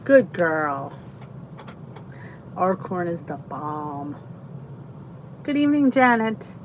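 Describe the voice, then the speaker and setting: A woman talks slowly and chattily on a live stream. She greets viewers by name and stretches out her exclamations. A faint hum sits behind her voice. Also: on the low side, very animated, poor audio. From Philadelphia, Pennsylvania. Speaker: host of a live chat stream. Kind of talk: casual live-stream chat reading comments.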